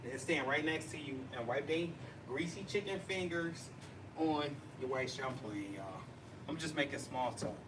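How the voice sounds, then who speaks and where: A man hosting a casual livestream chat, chatty and excitable, laughing and teasing as he talks. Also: on the high side, normal speed. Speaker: livestream host. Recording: distant mic with noisy background.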